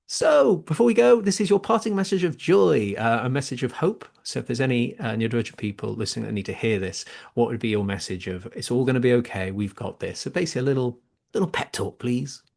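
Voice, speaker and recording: A man's voice: mid-range voice, animated, fast, creaky, darkish tone. A man hosting a podcast interview, effusive and openly emotional with his guest. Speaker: podcast host.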